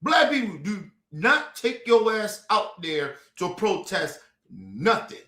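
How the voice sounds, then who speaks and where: A high, bright-toned man from the United States rants hard on a live stream. His pitch swings widely as he swears and hammers his points home. The sound rings with room echo. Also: sing-song, takes it slowly. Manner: profane, fiery and emphatic, lecturing the audience. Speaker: streamer and commentator. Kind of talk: heated streamed commentary rant.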